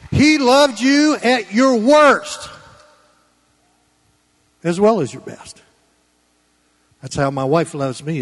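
A pastor preaches a Sunday sermon in church in a folksy, conversational style, swinging between loud, emphatic lines and quiet, low asides, all trailed by a long reverb tail.

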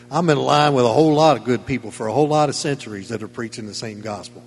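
A pastor preaching a sermon in a church, emphatic and folksy with chuckling asides. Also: male voice, mid-range voice, quick pace, in a large hall, a little hiss or hum. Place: church sanctuary.

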